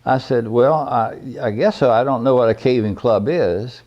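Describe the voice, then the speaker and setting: A man's voice: mid-range voice, normal speed, lo-fi sound. An older man telling personal stories in a folksy, plainspoken, rambling way. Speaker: veteran caver recounting his history. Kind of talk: personal storytelling.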